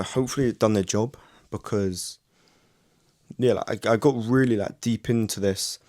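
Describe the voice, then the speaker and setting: Earnest young man, low voice. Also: a little mellow. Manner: earnest and reflective, frequent "like" fillers and restarts. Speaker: YouTuber. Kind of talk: casual reflective vlog monologue.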